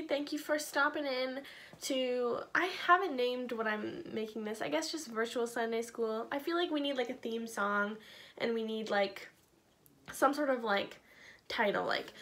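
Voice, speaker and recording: Chatty kids' church teacher, a woman, high and bright, easygoing and filler-heavy. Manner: bubbly, chatty, lots of "like". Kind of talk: casual children's Bible lesson.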